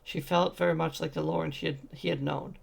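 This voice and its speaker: A man's voice: on the high side, fairly even intonation, fairly quick, vocal fry, breathy edge. A man narrating a fantasy short story as a fan audiobook, reading steadily with occasional slips.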